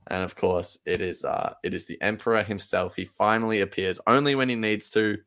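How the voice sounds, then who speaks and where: A man's voice: on the low side, fairly even intonation, brisk, a bit bright. A man co-hosting a podcast in casual chat, eager and repeating words as he thinks. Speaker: podcast co-host.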